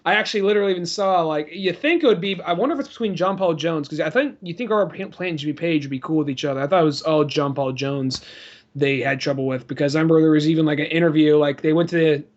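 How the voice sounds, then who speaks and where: A man's voice: fairly high pitch, fast. A man co-hosting a podcast, telling a rambling story in casual chat with lots of fillers and laughs. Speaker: podcast co-host. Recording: dull lo-fi podcast audio.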